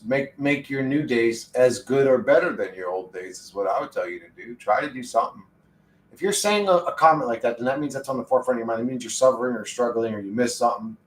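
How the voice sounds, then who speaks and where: Brief: young male streamer, casual and profane, mid pitch, roomy distant mic. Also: a little hiss or hum. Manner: rambling, profane, laid-back. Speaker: livestreamer. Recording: echoey room, distant mic.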